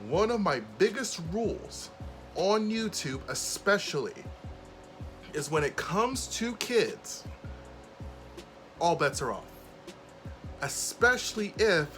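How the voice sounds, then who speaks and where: A man hosting a casual commentary vlog, speaking bluntly with open indignation. His voice is bright and forceful, at a middle pitch for a man. A faint music bed plays underneath. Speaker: commentary YouTuber, host.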